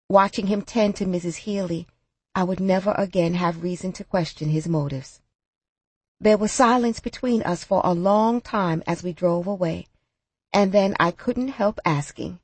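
A woman narrating an audiobook in a measured storytelling manner. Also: medium pitch, a little mellow, slightly rough, dry recording.

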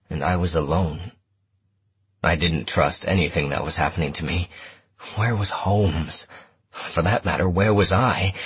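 A man narrating a first-person story in a measured, steady audiobook reading. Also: low-pitched, slightly rough, no room sound.

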